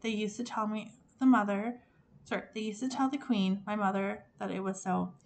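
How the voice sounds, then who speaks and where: A vain old fairy princess who never stops talking, as a woman narrator puts her on. The voice sits a little higher and louder than the narration, lively and eager, tumbling from one remark to the next in a storybook reading. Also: moderate pace, vocal fry, slight background noise, close to an everyday voice. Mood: chatty.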